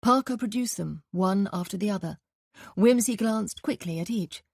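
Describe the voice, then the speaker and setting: A woman narrating a mystery audiobook in an even, measured reading. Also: mid-range voice, creaky, slightly rough, no room sound, clean studio sound. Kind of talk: scripted narration.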